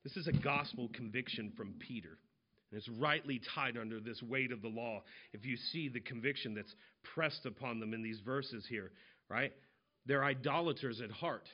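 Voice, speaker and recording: Walking through scripture verse by verse, a mid-range male voice preaches in a conversational expository style, giving parables casual character voices. He speaks at normal speed, and the audio is dull.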